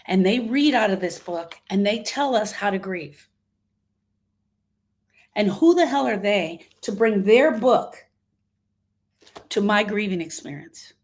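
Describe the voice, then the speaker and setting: A woman hosting a live grief coaching talk, emphatic and full of rhetorical questions, reading out comments from her audience. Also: mid-range voice. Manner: reads out audience comments warmly. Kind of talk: motivational livestream talk.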